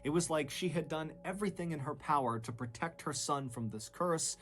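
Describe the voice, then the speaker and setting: Man, true crime storyteller, dramatic delivery, swings between loud and hushed. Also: brisk. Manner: dramatic, shifts pitch and loudness for suspense.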